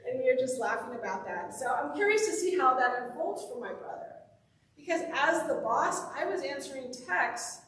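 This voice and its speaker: High-voiced woman preaching in an echoey hall. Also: expressive, normal speed, a bit bright, distant mic, slight background noise. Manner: storytelling, conversational and upbeat. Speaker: minister. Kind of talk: sermon. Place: church sanctuary.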